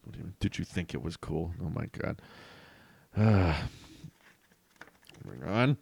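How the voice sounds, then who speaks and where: A young man reads his childhood comic aloud and pokes fun at it in amused asides. His voice is gravelly and lively in pitch, and the dry, close sound keeps every word near. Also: a little slow, long pauses, dry recording. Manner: self-mocking, amused asides. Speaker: vlogger.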